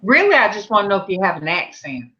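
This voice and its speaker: A woman hosting a live stream, chatting casually with viewers in a slow, rambling way. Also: mid-range voice, sing-song, sharp tone. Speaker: livestream host. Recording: muffled lo-fi audio.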